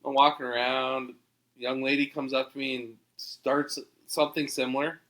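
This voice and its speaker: A man from Canada, a podcast guest, telling an animated, excitable anecdote. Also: mid-range voice, normal speed. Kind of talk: storytelling anecdote.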